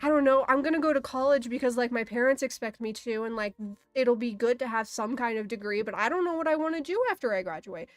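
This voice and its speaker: A woman voicing a flustered, anxious eighteen-year-old schoolgirl who rambles quickly in exasperation. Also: fairly high pitch, no room sound, soft background music, close to an everyday voice.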